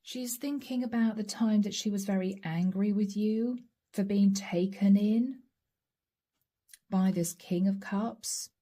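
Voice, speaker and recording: Woman, tarot reader, warm mellow tone, intimate, repetitive, talks straight to the listener, occasional soft whispers. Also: medium pitch, slow pace. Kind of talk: channeled tarot reading.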